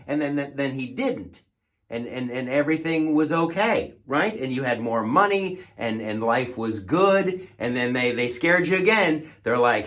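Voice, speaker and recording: A man's voice: on the high side, animated, moderate pace, fairly bright tone. Sarcastic stammering male comedian. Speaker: comedian host. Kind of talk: comedic monologue.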